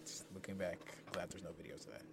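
Teasing low-voiced male podcast co-host. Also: flat delivery, fast talker. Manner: teasing, dry remarks. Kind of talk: casual chat. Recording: faint background noise.

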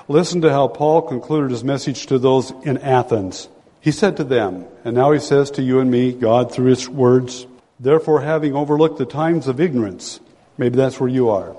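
A man in his sixties preaching a sermon as pastor, dramatic, swinging from loud pleading to hushed low tones. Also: moderate pace, husky. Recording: long hall reverb.

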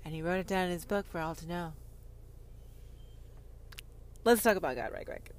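A woman giving a heated monologue on faith, sarcastic and profane, swinging from loud outbursts to whispers. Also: fairly low pitch, quick pace. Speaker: online Christian commentator.

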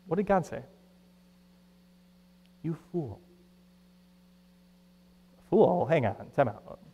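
A man preaching a sermon as pastor, conversational and animated, acting out the voices he quotes. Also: fairly high pitch, moderate pace, breathy edge, in a large hall.

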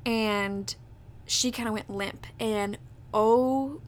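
Young woman podcast host; casual, filler-heavy storyteller; pitched a bit high. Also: steady tone, drawn-out words. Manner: chatty, leans on fillers like "like" and "that type of deal".

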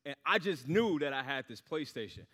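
A man's voice: medium pitch, animated, fairly quick, pushed and bright, slightly rough, long reverb tail. A young adult man preaching a storytelling sermon in a casual, rambling way, full of fillers.

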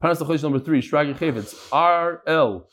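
A man leading a daily Talmud class, his voice a little higher than most men's. He talks in a lively, jokey way and reads out listener messages to the people in the room. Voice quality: animated, jokey, quick shifts in pitch. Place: room with a live audience.

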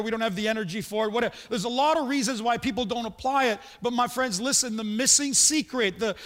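A man preaching a sermon in a big hall, his very high voice trailing off into long reverb. He talks to the congregation in a conversational way, throwing in rhetorical questions and quick personal anecdotes. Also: a bit bright. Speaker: pastor.

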